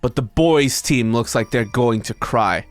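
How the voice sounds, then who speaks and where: A male streamer reading an internet story aloud to his chat, breaking off into high, disbelieving comments. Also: unhurried, soft background music. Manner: animated, breaks into high-pitched disbelieving asides.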